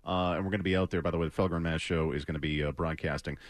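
A man's voice: extremely low pitch, steady tone, racing, no room sound, clean studio sound. A man hosting a sports talk radio show, speaking earnestly and rambling with many hesitations.

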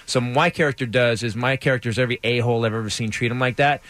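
A man who is a stand-up comedian, telling anecdotes as a guest in an animated way and often laughing mid-sentence. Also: mid-range voice. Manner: animated, fast, laughs while telling stories. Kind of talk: casual storytelling interview.

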